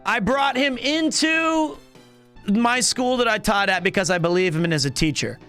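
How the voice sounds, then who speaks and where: A man in his thirties chatting casually on a live stream, animated and rambling with lots of restarts. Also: high-pitched, normal speed, soft background music. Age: 30s.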